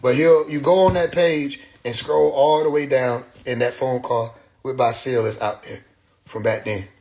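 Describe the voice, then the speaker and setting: A man's voice: mid-range voice, fairly even intonation, moderate pace, darkish tone. Rambling man livestreaming on his phone. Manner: loose, rambling, swears freely, slips into quoting others. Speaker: livestream host. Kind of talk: casual livestream monologue. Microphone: phone mic.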